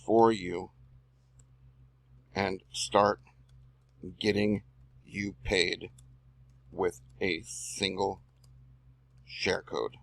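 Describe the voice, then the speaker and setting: Reading copy aloud while editing a screen-recorded tutorial, an online marketer and video host mutters and drawls slangy asides to himself. His low voice is flat and a bit bright, with vocal fry, drawn-out words and long pauses, and there's no room sound.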